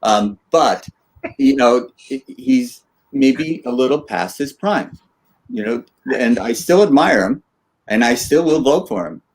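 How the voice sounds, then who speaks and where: A man speaking earnestly and at a measured pace as a panelist in a casual political chat. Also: medium pitch, lively intonation.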